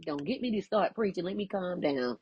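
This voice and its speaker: A woman giving a lively, inspirational faith talk, playful and quick to laugh, with folksy asides. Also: fairly low pitch, slightly rough, highs cut off. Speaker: spiritual teacher.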